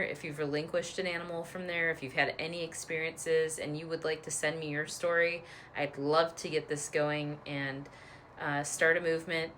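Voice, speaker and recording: A woman's voice: low-pitched, fairly bright tone, a little hiss or hum. A woman speaking earnestly to her followers, making a pleading appeal with some fillers. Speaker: online advocate addressing followers.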